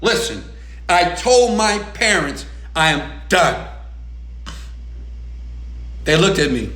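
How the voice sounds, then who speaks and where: A man giving a motivational rant, loud and profane, swinging between shouting and soft talk. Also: high-pitched, big pitch swings, slow, long pauses, echoey room. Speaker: motivational speaker.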